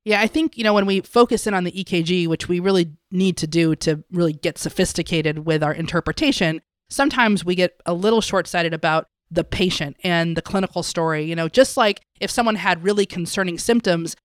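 A woman's voice: lowish voice, a little fast, dry recording, clean studio sound. Woman summarizing a medical segment. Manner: friendly, explanatory, casual fillers. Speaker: podcast co-host. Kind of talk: conversational medical podcast summary.

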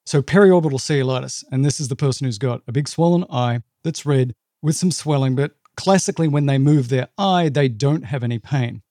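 A man's voice: medium pitch, brisk, hardly any pauses, mellow, no room sound, clean studio sound. A male physician co-hosting a medical education podcast, explaining clinical complications in a plain-spoken way with vivid asides.

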